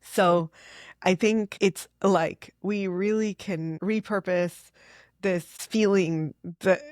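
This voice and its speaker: A middle-aged woman, a fertility doctor, telling patient stories in an earnest, animated way with many "like"s. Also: medium pitch, slow, no echo, studio quality. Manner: earnest, animated storytelling with frequent "like". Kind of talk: conversational interview.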